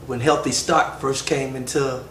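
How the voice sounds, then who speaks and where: A man's voice: medium pitch, fairly even intonation, measured pace. A man fondly recalling his mother's work and kindness, repeating his praise of her. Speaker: family member remembering his mother. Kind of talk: candid family conversation. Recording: roomy, distant mic, faint hiss.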